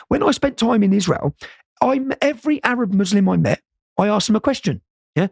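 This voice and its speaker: A man's voice: sits high, animated, fairly quick, creaky, no room sound, clean studio sound. A man, an interview guest, telling stories casually with many repeated words and "yeah?" tags.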